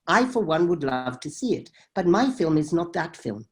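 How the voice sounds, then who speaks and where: A woman's voice: lowish voice, big pitch swings, normal speed. A woman documentary filmmaker telling a story in an interview, emphatic and dramatic as she acts out heated exchanges.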